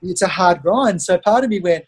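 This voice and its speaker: A middle-aged Australian man, a podcast guest, telling stories in an animated, conversational way and acting out the voices of the people he quotes. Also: high-pitched, normal speed, husky. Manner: animated storyteller who acts out quoted voices. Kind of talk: conversational interview storytelling.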